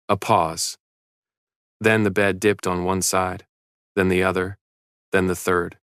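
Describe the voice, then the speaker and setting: A man reading a first-person story aloud in steady scripted narration. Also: low-pitched, unhurried, long pauses, smooth, no room sound, studio quality.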